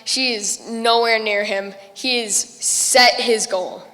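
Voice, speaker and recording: A woman's voice: on the high side, slow pace, sharp tone, long reverb tail. A young female student telling a story at a festival in a casual, chatty way, with little giggles.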